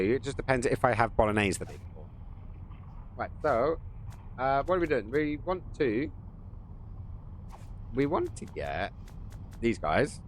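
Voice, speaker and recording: A man's voice: mid-range voice, very animated, measured pace, pauses often, a little hiss or hum. A man giving casual, rambling live-stream commentary while playing a game, joking with his viewers. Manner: rambling, jokey, chatting to viewers.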